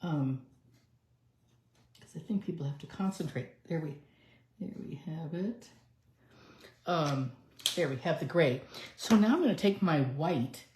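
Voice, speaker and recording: In an unhurried, animated manner with long pauses, a woman with a low, mellow voice chats through each step of a live card-making demo. There's slight background noise, and the roomy space gives the sound an echo.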